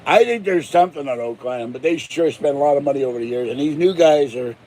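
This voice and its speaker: A man's voice: on the high side, expressive, fast, darkish tone. An older man from Pittsburgh, a channel host rambling through jokes and tall tales in a casual monologue. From Pittsburgh, USA. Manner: joking, chuckling, tall tales.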